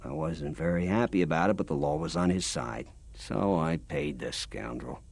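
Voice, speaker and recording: An actor voicing a weary, bitter male farmer settler in a video game, complaining in a gravelly, husky voice. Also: a bass voice, moderate pace, darkish tone, no room sound, full character voice. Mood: aggrieved.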